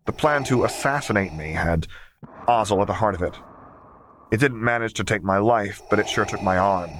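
Man reading a young engineer, gentle, soft, weary, reassuring. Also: on the low side, normal speed, a little hiss or hum, natural voice.

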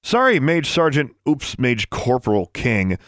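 A man doing a defiant high-voiced schoolgirl. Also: lively intonation, fairly quick, no echo, clean studio sound, natural voice. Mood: sneering. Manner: pitched high, sharp and challenging. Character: defiant young schoolgirl, stubborn and bold.

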